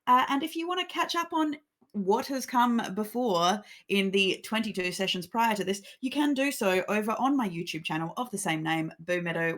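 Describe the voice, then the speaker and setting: A woman's voice: a little high, a bit bright. A woman hosting a live-streamed tabletop game, chatty and recapping events with laughter. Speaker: game master and stream host.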